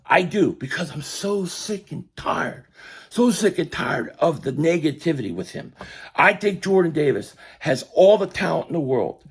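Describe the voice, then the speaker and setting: A man hosting a fan sports show, ranting excitably and yelling at times, his voice going hoarse. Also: a little high, moderate pace. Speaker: sports podcast host. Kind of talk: fan commentary live stream.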